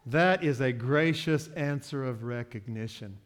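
A man preaching a sermon, moving from quiet asides to loud, drawn-out declarations. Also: medium pitch. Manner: slow, emphatic preaching with sports metaphors; swings from soft asides to loud, stretched-out declarations. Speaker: pastor.

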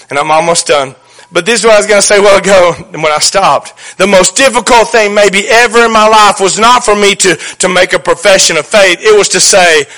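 A man's voice: high-pitched, sharp tone. A man preaching a sermon as pastor, folksy and joking, with strong emphasis.

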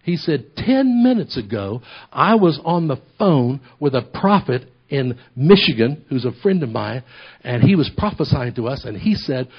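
A man preaching a sermon, telling animated stories, acting out voices and repeating phrases for emphasis. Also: mid-range voice, normal speed, breathy edge, highs cut off. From Oklahoma ministry, United States. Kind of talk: sermon storytelling.

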